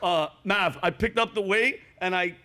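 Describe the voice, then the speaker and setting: A man hosting a comedy chat show, telling stories with animated delivery and acting out voices. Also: high voice, moderate pace. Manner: animated storytelling, acts out voices.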